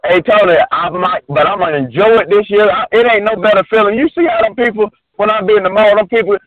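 A man's voice: high-pitched, fast, few pauses, crowd noise. A man, a drag racer boasting and trash talking on a call, repeating himself and calling out names. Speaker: drag racer, show regular. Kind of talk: casual trash talk on a call. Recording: tinny phone line.

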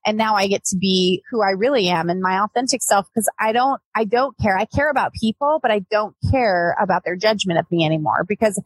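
A woman's voice: mid-range voice, fairly quick, hardly any pauses, no room sound, rough recording. A woman hosting a live-streamed interview, chatting loosely with many restarts. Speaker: host.

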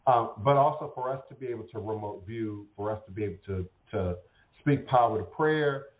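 A man talks in a low voice, rambling and circling back over his words as he hunts for the next one. The sound is thin and phone-like, with a roomy echo around it. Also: fairly quick. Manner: rambling, repeats words while searching. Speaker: host. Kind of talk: casual spiritual talk. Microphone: internet radio call. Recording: tinny phone-like audio in an echoey room.

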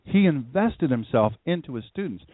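Big pitch swings mark the mid-range voice of a middle-aged pastor hosting a live radio show at a moderate pace. He preaches conversationally, repeating phrases for emphasis, and the sound is dry and tinny like a phone call, with no room sound.

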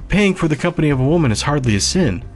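A man's voice: on the high side, animated, fast talker, faint music behind, pitched above the performer's own voice, natural voice. A man putting on a sultry casino waitress. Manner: smoky, sultry, teasing. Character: sultry adult female casino waitress, teasing and flirtatious. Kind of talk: audiobook character voice.

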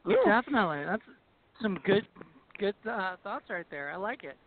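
A man's voice: high-pitched, lively intonation, normal speed, dry recording. A man chatting casually on a podcast, easygoing and agreeable. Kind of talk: casual chat. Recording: tinny phone-like sound.

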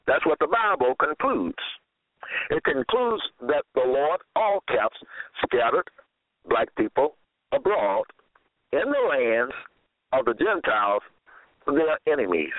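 A man preaching a sermon and reading scripture aloud, slow and deliberate, often repeating phrases. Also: mid-range voice, very animated, no room sound. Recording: tinny phone-line audio.

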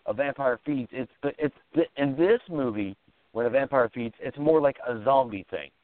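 A man's voice: mid-range voice, normal speed, dry recording. Dry-sounding man, casual podcast questions. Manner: jumps in with questions, laughs, swears casually. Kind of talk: casual film-review chat. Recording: dry tinny phone-like line.

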